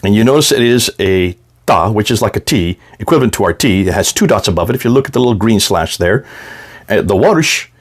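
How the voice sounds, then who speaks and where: A man presenting an explanatory talk in an emphatic way, his pitch swinging up and down, with frequent restarts. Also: lively intonation, brisk.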